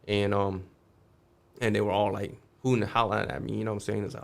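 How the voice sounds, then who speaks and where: A man's voice: on the low side, steady tone, fast, vocal fry. A man guest on a podcast, telling a street story casually, swearing freely and acting out the voices of the people in it.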